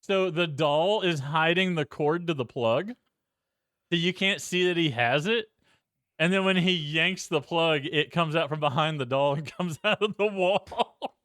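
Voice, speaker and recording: A man's voice: on the high side, a little slow, fairly bright tone, dry recording. Brief: male podcast co-host, casual film talk, giggly, dry close recording. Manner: laughs often, searches script while talking. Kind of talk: casual film review chat.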